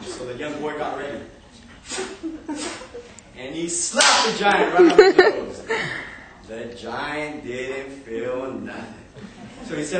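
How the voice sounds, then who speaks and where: A young man telling a comic story to a live audience, animated and often laughing. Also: mid-range voice, slow, long pauses, crowd noise. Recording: echoey room, far from mic, audience.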